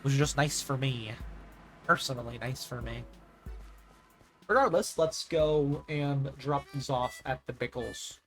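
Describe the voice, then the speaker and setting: A man's voice: medium pitch, a little slow, fairly bright tone, soft background music. A young man streaming a game, chatting casually and rambling, often saying "like" and ranting when annoyed. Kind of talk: casual live-stream chat while gaming.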